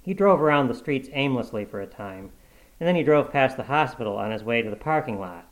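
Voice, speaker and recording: A man narrating a short story in a measured, even audiobook reading. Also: mid-range voice, rough recording.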